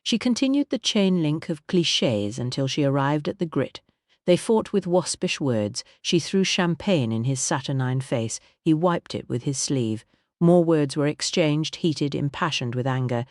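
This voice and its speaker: A man reading an audiobook in a measured, wry storytelling manner. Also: on the high side, animated, dry recording, studio quality. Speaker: audiobook narrator. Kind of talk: scripted narration.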